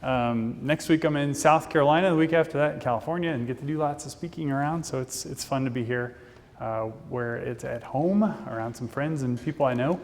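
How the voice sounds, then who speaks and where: A man giving a fast, casual, jokey conference talk from a stage. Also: mid-range voice. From Indianapolis, Indiana, US. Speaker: conference speaker. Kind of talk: keynote presentation. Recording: long reverb of a conference hall.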